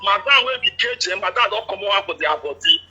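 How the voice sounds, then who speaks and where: A man caller speaking Nigerian Pidgin, explaining things at length in a steady, detailed way. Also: sits high, fast, breathy edge, faint music behind, poor audio. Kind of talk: casual chat.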